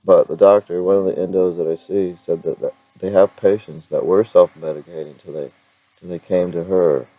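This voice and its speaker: A man with a very low voice chats loosely to his camera, circling back and restarting his sentences. The sound is dry and a little dull, like a built-in camera mic. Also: steady tone, normal speed, dry recording. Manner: rambling, self-interrupting, chuckles often. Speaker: vlogger. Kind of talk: casual vlog talk to camera.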